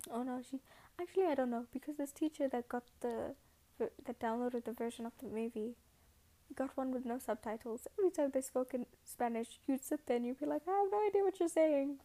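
High, mellow-voiced woman rambling through a story. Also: steady tone, brisk, low-quality recording. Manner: rambling and self-correcting, acting out quotes. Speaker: podcast host. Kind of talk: casual storytelling podcast.

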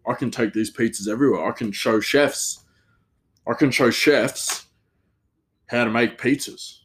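A man's voice: mid-range voice, a little slow, fairly bright tone, a little hiss or hum, close to an everyday voice. A man voicing a bossy, boastful male pizza shop boss, lecturing and pompous.

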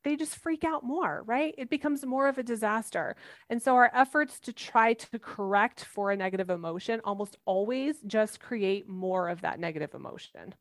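A woman's voice: fairly high pitch, moderate pace. A woman in her thirties, a mother answering interview questions earnestly and animatedly, acting out everyday examples. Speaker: parenting guest expert.

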